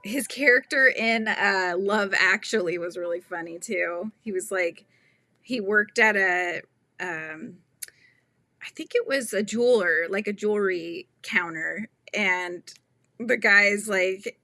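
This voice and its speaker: Bright-voiced giggly woman chatting live. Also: medium pitch, measured pace, no room sound. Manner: giggly, chatty, reads viewer comments aloud. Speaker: livestream host chatting with viewers. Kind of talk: casual live-stream chat while crocheting.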